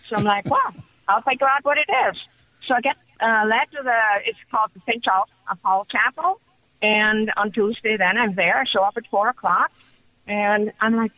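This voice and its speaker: A woman calling in to a radio show, telling her story in an excited, chatty way. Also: medium pitch, brisk, dry recording. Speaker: caller. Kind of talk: call-in radio testimony. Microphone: telephone. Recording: muffled phone line.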